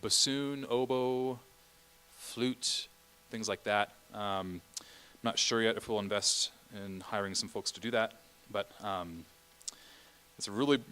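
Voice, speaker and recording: A man's voice: lowish voice, pushed and bright. A man leading a church choir rehearsal, explaining the music patiently and often checking in with the singers. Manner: explanatory, keeps checking in with "okay?". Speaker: choir director. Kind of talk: rehearsal instruction.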